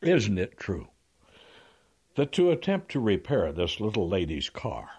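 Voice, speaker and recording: A man voicing a grandstanding small-town male trial lawyer who builds his cross-examination toward a theatrical shout. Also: on the low side, huge pitch swings, a little slow, husky, lo-fi sound, full character voice.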